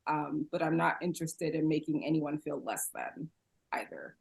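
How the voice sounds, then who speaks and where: A woman's voice: low-pitched, level tone, normal speed, vocal fry, husky. A woman from San Diego, a podcast guest, talking casually and openly with frequent laughs and fillers. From San Diego, USA. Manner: chatty, laughs often, many fillers. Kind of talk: casual interview conversation.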